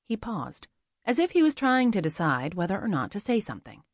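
A woman's voice: medium pitch, big pitch swings, a little fast, dry recording, clean studio sound. Woman narrating a fantasy audiobook.

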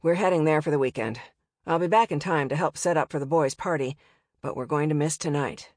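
A woman's voice: sits low, brisk, a little mellow, no echo, studio quality, voice pushed down. A woman reading an audiobook and voicing a distracted, easygoing grown man who speaks breezily and apologetically. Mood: apologetic.

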